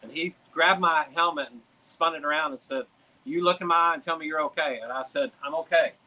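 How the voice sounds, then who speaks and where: Male racing driver, guest on a podcast. Bright, slightly high voice, lively and animated storyteller. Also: a little fast, low-quality recording. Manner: animated, swears casually, acts out shouted quotes. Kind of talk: casual storytelling.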